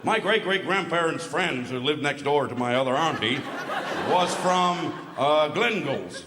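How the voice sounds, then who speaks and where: A man's voice: fairly high pitch, expressive, unhurried, noisy background, voice pushed down. A man voicing a chatty, over-friendly American tourist who rambles about his ancestry, in an echoey hall. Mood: eager. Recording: echoey hall with crowd laughter.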